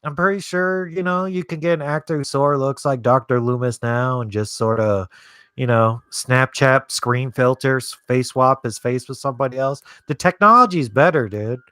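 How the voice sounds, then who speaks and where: A man's voice: mid-range voice, moderate pace, bright, forceful tone, clean tone, no echo, clean studio sound. A man hosting a live movie watch-along stream, chatting loosely and swearing freely while he answers his chat. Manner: rambling, profane, reads chat aloud.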